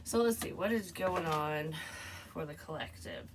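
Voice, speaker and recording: A woman giving a casual, rambling tarot reading to her viewers, chatty and quick to laugh. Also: low voice, sing-song, noisy background. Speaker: tarot reader.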